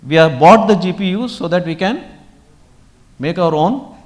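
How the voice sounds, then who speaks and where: A man's voice: high-pitched, lively intonation, normal speed. Indian man lecturing in a reverberant hall. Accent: Indian English. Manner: engages the audience with rhetorical questions and mock dialogues. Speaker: conference speaker. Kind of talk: conference keynote talk. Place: large conference hall.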